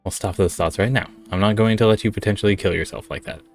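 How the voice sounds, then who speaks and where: A man's voice: on the low side, fast, soft background music, close to an everyday voice. A man voicing an exasperated young lawyer. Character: brash young male lawyer detective. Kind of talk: reading game dialogue aloud.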